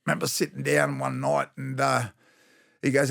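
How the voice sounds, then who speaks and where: Gravelly Australian man telling yarns. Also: mid-range voice, completely flat delivery, normal speed, fairly bright tone, no room sound, studio quality. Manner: blokey, rambling anecdotes with slang and laughs. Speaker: podcast guest, former rugby league player. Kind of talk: casual storytelling chat.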